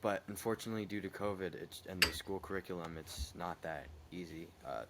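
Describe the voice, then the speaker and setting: Young guy on a podcast, lowish voice, gets fired up telling stories, swears a bit. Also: fairly quick, heavy background noise. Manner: heated, animated storytelling with swearing. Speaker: podcast co-host. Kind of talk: casual podcast chat.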